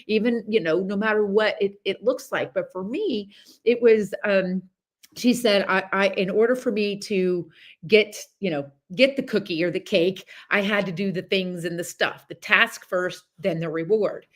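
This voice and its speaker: A middle-aged woman hosting a podcast, talking in a chatty, animated way with many asides and restarts as she gives a casual motivational talk. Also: mid-range voice, moderate pace. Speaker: podcast host.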